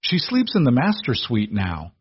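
A man voicing a gruff, protective aristocrat who gives curt orders, in a dull lo-fi recording. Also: medium pitch, wildly swooping pitch, moderate pace, no echo, voice pushed up, full character voice. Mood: commanding.

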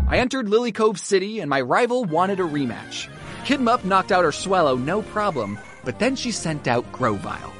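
A man's voice: high-pitched, big pitch swings, moderate pace, a bit bright, soft background music. A man giving jokey, playful narration over his video game playthrough, often talking to his characters. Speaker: gaming YouTuber. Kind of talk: comedic gameplay narration.

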